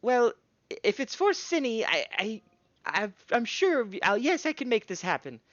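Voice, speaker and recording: A man's voice: extremely high pitch, big pitch swings, normal speed, a bit bright, no room sound, muffled recording, pitched above the performer's own voice, full character voice. A man voicing a stout, flustered female gnome smith who stammers and repeats her words, in a tabletop game.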